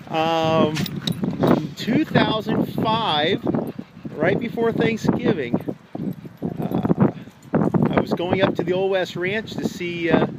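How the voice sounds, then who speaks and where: A man running a dog daycare, chatting casually to the camera outdoors while he watches the dogs, talking to them and laughing often. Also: high voice. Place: outdoor dog play yard. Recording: loud outdoor background noise. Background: barking dogs, wind and passing traffic.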